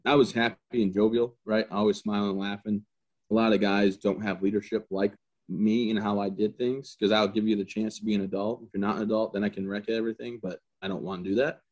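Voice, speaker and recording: The lo-fi clip features a man with a lowish voice talking a little fast. He's an army veteran and interview guest telling stories casually, joking, full of energy, and acting out both quotes and gun noises.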